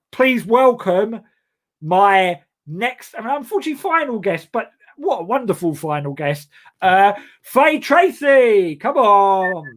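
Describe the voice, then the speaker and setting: This young man from England hosts a loose comedy chat show, talking in a rambling, self-mocking way full of halting restarts. His voice sits somewhat high for a man. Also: a bit bright. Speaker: host.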